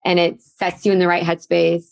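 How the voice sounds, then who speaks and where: A woman guest on a casual podcast chat with a slightly low voice. She talks loosely, with plenty of "like" fillers, and the recording sounds dry and close. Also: completely flat delivery, normal speed, vocal fry, clear, resonant tone, dry recording. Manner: casual, filler-heavy with frequent "like".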